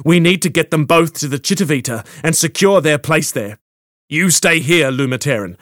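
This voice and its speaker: A man's voice: on the high side, expressive, normal speed, fairly bright tone, no echo, clean studio sound. A man doing a stern, commanding army captain. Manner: raised, commanding delivery. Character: stern male army captain giving orders.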